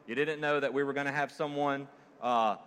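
A man's voice: medium pitch, fairly even intonation, fairly quick, fairly bright tone, clean tone. A man preaching a sermon to his congregation in a church, jokey and conversational, often asking them questions. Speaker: pastor. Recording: long hall reverb.

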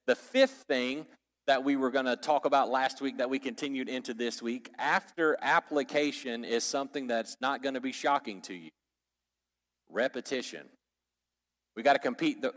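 A man's voice: medium pitch, in a large hall. A man teaching a sermon to a church group in a conversational way, asking the audience questions and joking. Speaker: pastor or Bible teacher.

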